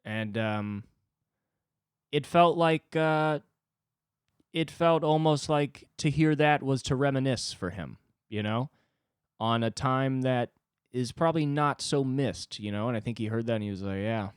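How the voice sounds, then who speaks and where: A man's voice: medium pitch, a little slow, clear, resonant tone, dry recording, studio quality. A young man hosting a solo podcast, telling a frustrated, profanity-laced story and reflecting on his own anger. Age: young adult. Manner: ranting, profane, self-reflective. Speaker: podcast host. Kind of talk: solo confessional monologue.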